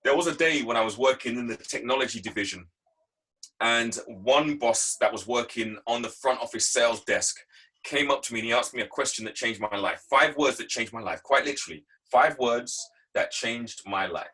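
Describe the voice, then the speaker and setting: A man's voice: mid-range voice, normal speed, pushed and bright, slightly rough, rough recording. A man giving a motivational talk, telling stories from his working life in an emphatic, repetitive way. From England. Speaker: guest speaker. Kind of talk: motivational talk on a video call.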